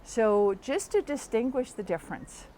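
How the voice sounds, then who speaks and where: A woman's voice: a little high, expressive, measured pace, warm tone, slight background noise. A woman hosting a casual talk, speaking unhurriedly with many fillers and restarts and acting out quoted dialogue. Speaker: host.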